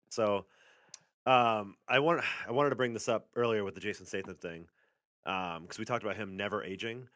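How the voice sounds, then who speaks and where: Low-voiced laid-back young man. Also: fairly bright tone, dry recording, clean studio sound. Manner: laid-back, poses questions, chuckles. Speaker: podcast co-host. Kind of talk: casual comedy podcast chat.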